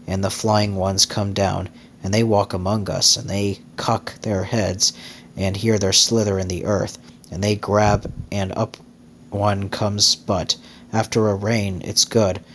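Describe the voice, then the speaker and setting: A man gives voice to a simple-minded young hen who strings her small thoughts together in one breathless chant. The voice sits low and plain, like a storybook read aloud. A faint hiss hangs beneath it.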